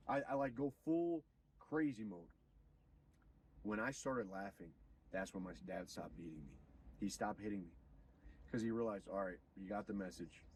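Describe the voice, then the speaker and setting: A man streaming, retelling a story in an animated, profane, preachy way. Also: on the low side, measured pace, long pauses, distant mic, a little hiss or hum, low-quality recording. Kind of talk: casual storytelling on a livestream.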